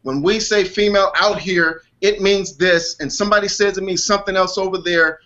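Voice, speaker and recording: A man's voice: sits high, fairly even intonation, brisk, bright, forceful tone, dull audio. A man in a heated casual debate on a video call, insistent and defensive, repeating his point. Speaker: panelist in an online discussion.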